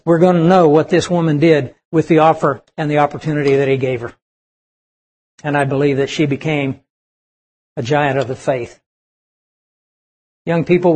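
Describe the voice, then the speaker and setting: A man's voice: a little high, a little mellow. A man preaching a sermon to young people, emphatic and asking the audience questions. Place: church service with audience.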